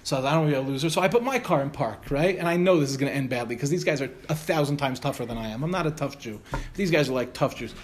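A middle-aged man telling an anecdote to an audience in an animated way, acting out the people in it. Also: medium pitch, fast talker, a little hiss or hum. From United States. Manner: animated, acts out the voices of the people in his stories. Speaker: storyteller.

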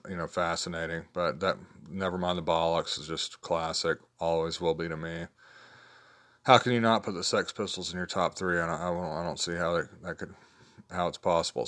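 A man in his fifties talking casually and rambling through his favorite picks, with plenty of fillers and restarts. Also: fairly bright tone. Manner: rambling, low-key, many fillers and restarts. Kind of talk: casual spoken list of favorites.

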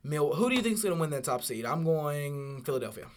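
A young man hosting a casual sports podcast, with a slightly high voice. He grumbles and whines in exasperation, then breaks into loud protests. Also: sing-song, brisk. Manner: whiny, exasperated, bursts into loud outcries. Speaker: podcast co-host, Lakers fan.

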